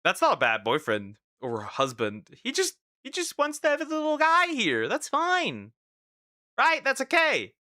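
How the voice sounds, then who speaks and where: A man's voice: very high-pitched, huge pitch swings, a little slow, sharp tone, no room sound, clean studio sound. A young man reacting to videos in casual live commentary, laughing often and repeating himself.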